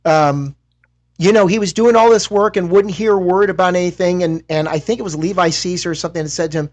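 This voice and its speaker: A man's voice: high-pitched, fairly quick, a little mellow. A man co-hosting a podcast interview, chiming in with short affirmations and follow-up remarks. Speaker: podcast co-host. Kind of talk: casual interview.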